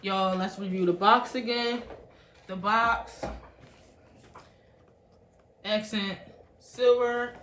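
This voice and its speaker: A beauty vlogger chats casually through a product review, addressing her viewers with "y'all" constantly. Her mid-range voice is steady and a bit bright, very slow with long pauses, and the recording has a roomy echo and a faint background hum.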